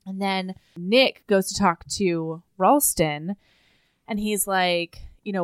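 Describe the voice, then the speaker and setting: A woman's voice: mid-range voice, takes it slowly, smooth, dry recording, clean studio sound. A woman in casual conversation, animatedly retelling a story and acting out bits of dialogue. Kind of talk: casual book chat.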